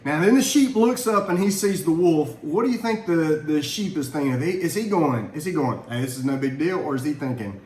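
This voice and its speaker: A man's voice: on the high side, expressive, moderate pace, hardly any pauses, a little mellow, slight background noise. A middle-aged man leading a family Bible lesson, earnest and conversational, asking questions as he teaches. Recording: echoey room, faint ambience.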